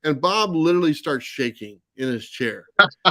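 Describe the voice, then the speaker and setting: A man's voice: fairly high pitch, animated, moderate pace, fairly bright tone, no room sound. Guy on a comics livestream rambling thru a story, lots of uh and you know, dry close sound. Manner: rambling anecdote with many fillers and restarts. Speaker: comics channel host. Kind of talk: casual livestream chat. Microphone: live stream mic.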